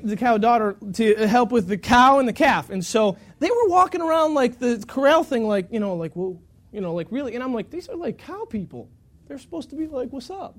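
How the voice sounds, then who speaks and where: Male pastor, very high voice, lively self-mocking sermon storyteller. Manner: animated, self-mocking storyteller with acted-out quotes.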